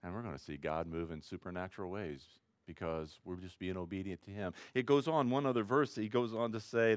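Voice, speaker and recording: Male pastor, lowish voice, dry close sound, chatty rambling sermon. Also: fairly quick, hardly any pauses, dry recording. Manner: conversational, rambling, rising to excited emphasis. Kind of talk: informal sermon.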